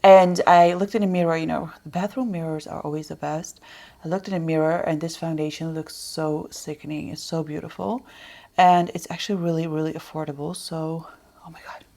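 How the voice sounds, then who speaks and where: A woman chatting casually through a makeup tutorial, rambling on and dropping soft muttered asides. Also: fairly low pitch. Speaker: beauty vlogger.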